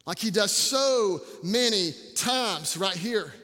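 A male campus pastor preaching a sermon in an animated, joking way, repeating words for emphasis. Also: high-pitched, slow pace, in a large hall.

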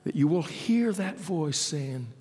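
Male preacher, fairly high voice, earnest and explanatory, in a big reverberant hall. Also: animated, a little mellow. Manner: earnest, slows down to stress key words; explains word meanings in a teaching tone. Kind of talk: sermon. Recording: long reverb of a large hall.

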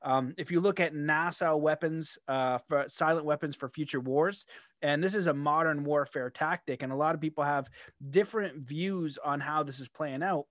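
A man from Canada talking in a rambling, animated way in a casual conversation, often laughing as he goes. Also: fairly high pitch, moderate pace, dry recording, studio quality.

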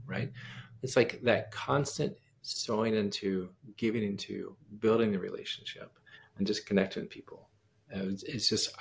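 A pianist and composer from the United States, guesting on a casual interview, relates a spirited anecdote in a gravelly, fairly low voice. He brings the story to life by acting out each quoted line.

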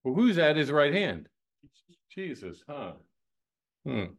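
A man teaching the Bible to a live group in a conversational way, lively and folksy, asking many rhetorical questions with homespun humor. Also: on the high side, slow.

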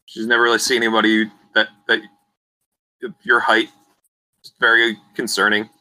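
Bright, low-voiced male game master. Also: monotone, moderate pace, low-quality recording. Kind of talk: narrating a tabletop game.

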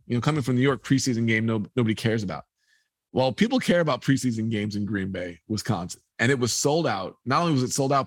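A man's voice: mid-range voice, no room sound. A man, a sports photographer, telling a personal anecdote in an interview and acting out the dialogue as he goes. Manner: animated, acts out quoted dialogue. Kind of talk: storytelling anecdote.

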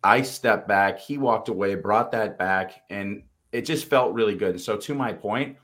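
Storytelling earnestly on the motivational podcast he co-hosts, a man with a Boston accent speaks casually with the odd swear word. His voice is on the low side and a bit bright, and his pace is a little slow.

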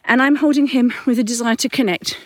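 A woman with a high, light voice talks through a parenting story in a candid, chatty way, correcting herself as she goes. She is walking uphill outdoors. The sound is close and dry. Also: fairly even intonation, a little fast, no echo. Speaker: parenting podcast host and mother. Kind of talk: casual reflective monologue. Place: outdoors, walking up a hill at dusk.

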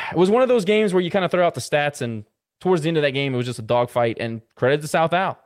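A man's voice: on the high side, lively intonation, fast talker. A man co-hosting a sports podcast, casually running through baseball box scores with lots of "uh" fillers. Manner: rattles off baseball stats with filler "uh"s. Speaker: podcast co-host.

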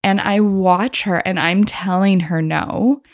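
A woman's voice: mid-range voice, steady tone, slow pace, dry recording, clean studio sound. A woman hosting a podcast, telling stories in a chatty, casual way and laughing often. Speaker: podcast host. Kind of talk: casual storytelling.

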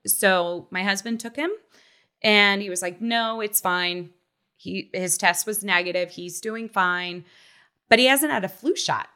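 Thirties woman guest, chatty and animated, acts out quotes, bright edge. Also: medium pitch, measured pace, clear, resonant tone. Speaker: guest, mother. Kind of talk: casual chat, personal story.

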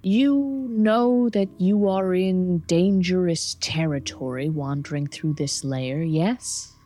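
A woman voicing a sly, slow-spoken demon lord in a tabletop game, drawn out and half whispered. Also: lowish voice, warm tone.

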